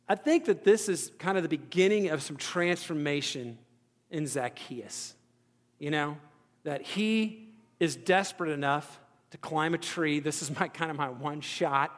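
A man preaching a sermon in a conversational, self-deprecating way, acting out the thoughts of the people in his story. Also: a little high. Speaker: pastor. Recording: hall reverb.

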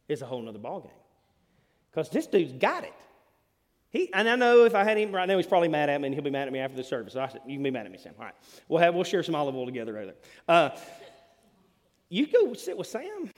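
A preacher with a high, lively voice that leaps up and down as he tells his stories. He booms one moment and drops near a whisper the next. The sound carries a long reverb from a church hall. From Alabama. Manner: animated storyteller, swings from loud to hushed. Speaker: pastor. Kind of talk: sermon.

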